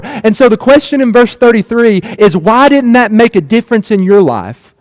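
A man's voice: high voice, very animated, moderate pace, dry recording. A man preaching a sermon, retelling a parable with earnest rhetorical questions and repeated phrases.

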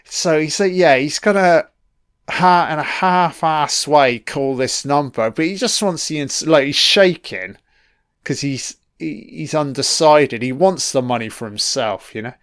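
A man doing a casual, profane film commentary, heckling the characters on screen, his throat a little croaky from illness. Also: on the high side, unhurried, a bit bright, dry recording, studio quality. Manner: profane, talks back at the screen.

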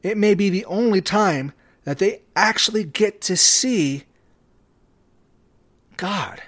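A man giving a devotional talk, his voice sitting a little high. He takes his time, speaking slowly and pausing often between phrases. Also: lively intonation, fairly bright tone. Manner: slow, measured delivery with long pauses. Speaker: podcast host.

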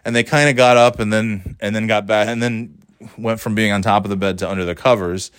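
Middle-aged man, low voice, rambling family story, chatty with laughs, dry close sound. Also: steady tone, a little fast, clear, resonant tone, dry recording. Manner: rambling, chatty, laughs often, acts out quotes. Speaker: parent telling a family story. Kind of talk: casual storytelling vlog. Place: warm indoor room.

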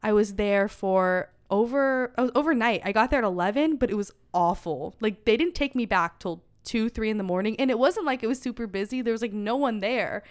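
A young adult woman, a podcast guest, chatting casually and telling animated stories full of "like.". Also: a little high, brisk, few pauses. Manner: animated storyteller, heavy use of "like". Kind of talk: casual chat.

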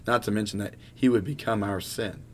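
Earnest low-voiced male pastor. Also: steady tone, fairly quick, slight background noise. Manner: earnest, stumbles and repeats words while thinking aloud. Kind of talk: casual podcast conversation.

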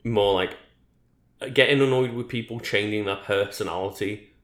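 A man's voice: lowish voice, moderate pace, a bit bright. A man from Liverpool co-hosting a podcast, chatting casually and hesitantly with lots of fillers. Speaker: podcast co-host. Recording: echoey room.

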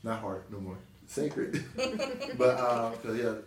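A man's voice: mid-range voice, wildly swooping pitch, slow. A man hosting a podcast interview, joking and laughing often in a casual chat. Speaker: podcast host. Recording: roomy, distant mic with faint noise.

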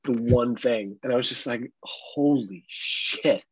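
Husky man telling animated stories. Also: mid-range voice, moderate pace, no room sound, dull audio. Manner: animated, acts out other people's lines, laughs often, swears casually. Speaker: podcast co-host. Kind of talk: casual storytelling chat.

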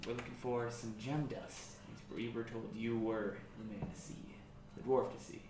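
A relaxed man playing a tabletop game, quick to laugh. He sits in an echoey room, away from the mic. A clear hum of room noise runs underneath. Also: mid-range voice. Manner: easygoing, laughs often. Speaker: player. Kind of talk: casual tabletop play. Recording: roomy room, distant mic, ambient noise.

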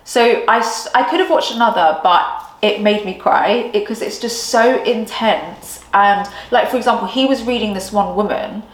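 A woman co-hosting a podcast, telling a story in an excitable, rambling way with lots of fillers. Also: medium pitch, moderate pace. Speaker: podcast co-host. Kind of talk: casual chat. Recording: roomy echo.

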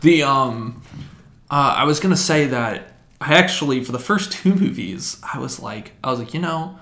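Lively, swearing man with a swooping voice. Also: mid-range voice, moderate pace, vocal fry. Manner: lively storyteller, profane, acts out what he thought. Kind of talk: casual chat. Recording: echoey room.

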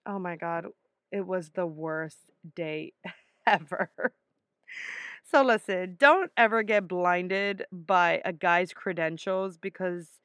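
Animated, foul-mouthed young woman storyteller. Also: fairly low pitch, dry recording, studio quality. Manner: animated, profane, emphatic. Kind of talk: casual storytelling.

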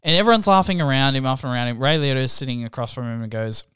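A man co-hosting a podcast, telling scenes in casual chat, animated and full of fillers. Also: mid-range voice, rapid-fire, clear, resonant tone, no echo, clean studio sound. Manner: animated storyteller with many fillers. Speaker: podcast co-host.

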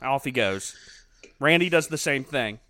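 A man's voice: mid-range voice, expressive, unhurried, sharp tone, no echo. A man who is a father, chatting casually and animatedly as he recaps a movie's plot, laughing often. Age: adult father. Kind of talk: casual chat retelling a movie.

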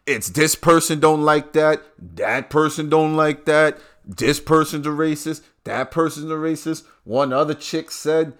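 A man's voice: on the high side, measured pace, fairly bright tone. A man delivering a casual, profane rant to his viewers in street slang.

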